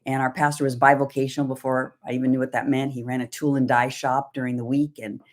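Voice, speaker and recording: A woman's voice: a bass voice, little pitch movement, quick pace. A middle-aged woman from Southern California co-hosting a livestreamed devotional talk, telling personal stories in a reflective way. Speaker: co-host.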